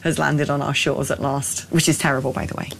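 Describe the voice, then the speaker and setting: A middle-aged woman, co-hosting a casual chat with strong, lively opinions. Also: sits low, a little fast, gravelly, a little hiss or hum. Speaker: co-host.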